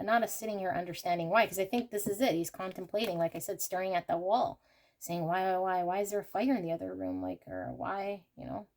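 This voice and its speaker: An emphatic woman reads tarot cards for her viewers, slipping into passionate rants and checking in with a frequent "okay". Her voice sits at an ordinary middle pitch, and she keeps talking straight through her thoughts. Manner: emphatic, ranting, rapid asides; frequent fillers like "okay" and "here". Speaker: tarot reader. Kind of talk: intuitive tarot reading to camera.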